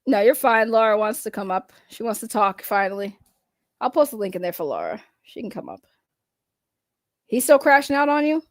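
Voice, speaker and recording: A woman with a Boston accent hosting a casual livestream, loud and laughing, swearing as she talks to her chat. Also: fairly high pitch, very animated, moderate pace, dry recording, clean studio sound. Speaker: livestream host.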